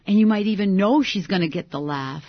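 A woman's voice: medium pitch, a little fast, dry recording. Actress guest, woman, 60s, chatty and self-mocking, dry, dull-toned recording. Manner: lively, laughing, self-deprecating. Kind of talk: interview conversation.

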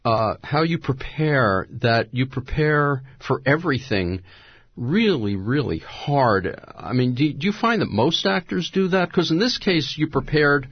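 Lively husky man interviewing a guest. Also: mid-range voice, unhurried, no echo, dull audio. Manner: conversational, probing follow-up questions. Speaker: interviewer, host. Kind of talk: interview questions.

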